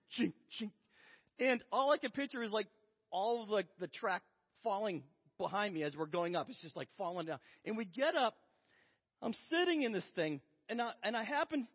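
A man preaching a sermon, telling a story with self-deprecating humor. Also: very high-pitched. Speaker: pastor. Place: church sanctuary. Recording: lo-fi with long hall reverb.

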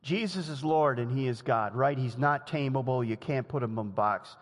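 A man preaching a sermon in a lively, conversational way, often laughing and acting out the quotes he tells. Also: mid-range voice, moderate pace. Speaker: pastor. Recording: long hall reverb.

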